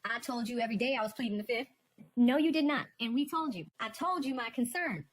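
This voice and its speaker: A woman's voice: a little high, lively intonation, fast talker. A woman prosecutor speaking firmly to a witness in a courtroom exchange, repeating her points with insistence.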